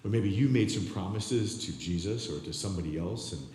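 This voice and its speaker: A man's voice: low-pitched, animated, fairly quick, a little mellow, a little hiss or hum. A male pastor preaching a sermon, telling a story in a conversational way with frequent asides to the congregation, in a church sanctuary. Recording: echoey church hall with long reverb.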